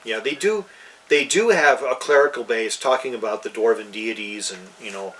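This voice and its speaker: Co-host: man of mid pitch, loose and rambling, sits a little back from the mic. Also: moderate pace, fairly bright tone, recorded from a distance, a little hiss or hum, poor audio. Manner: rambling, many fillers and restarts. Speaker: podcast co-host. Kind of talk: casual chat about fantasy games.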